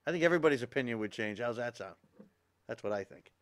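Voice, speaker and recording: A man's voice: mid-range voice, lively intonation, fast talker. A man hosting a local talk show, ranting in an agitated, exasperated way and laughing in disbelief. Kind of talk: opinion commentary.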